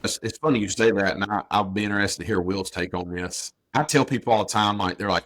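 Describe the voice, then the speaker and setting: A man's voice: lowish voice, quick pace, hardly any pauses, fairly bright tone. A plainspoken man in his thirties, a business owner talking casually as a podcast guest, repeating points for emphasis. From North Carolina, US.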